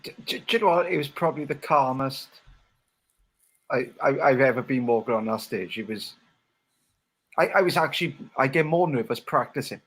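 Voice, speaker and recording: A man's voice: mid-range voice, normal speed, fairly bright tone, slightly rough. A man in a band chatting on a podcast, stammering at the start of his sentences. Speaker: band member co-hosting a podcast. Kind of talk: casual chat.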